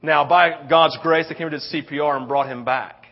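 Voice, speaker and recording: A middle-aged male pastor delivers a sermon in a voice a little higher than most men. He tells stories with animation and keeps checking in with "right?". The recording is dull and lo-fi. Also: moderate pace. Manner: animated storytelling, frequent "right?" tag questions. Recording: dull lo-fi sound.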